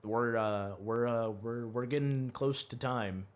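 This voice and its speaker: A man's voice: medium pitch, slow. A man co-hosting a podcast, talking bluntly and swearing freely in casual chat. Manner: blunt and profane. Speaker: podcast co-host.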